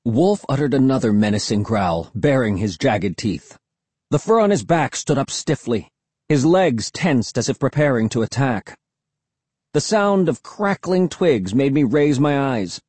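Man narrator, storybook reading, husky voice, lively melody. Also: mid-range voice, a little slow, no room sound. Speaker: audiobook narrator. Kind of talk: first-person storybook narration.

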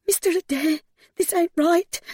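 A woman's voice: on the low side, lively intonation, moderate pace, slightly rough, no room sound, clean studio sound. A woman narrator voicing a timid, frightened young maid whose pleading voice cracks as she begs. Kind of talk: audiobook character voice.

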